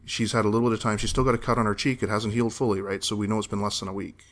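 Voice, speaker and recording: Rambling man with a lowish voice. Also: fairly even intonation, rapid-fire. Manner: rambling, self-correcting, detail-focused. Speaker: podcast co-host reviewing a TV series. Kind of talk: casual chat.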